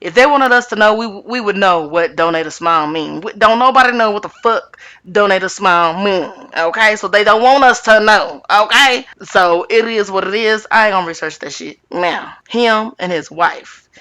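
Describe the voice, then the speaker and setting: A sassy woman recaps reality TV in a blunt, slangy way, often swearing as she speaks straight to her viewers. Her voice is bright and forceful, clean and crisp, and sits at a middle pitch. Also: normal speed. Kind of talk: casual chat recap.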